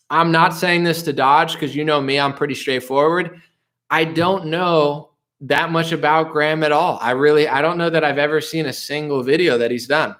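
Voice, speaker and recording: A man's voice: fairly high pitch, a bit bright. A young man chatting loosely with his audience, rambling and laughing, full of "bro" and "dude". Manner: rambling, laughs often, restarts, mimics voices. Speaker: streamer answering chat. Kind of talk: casual livestream chat.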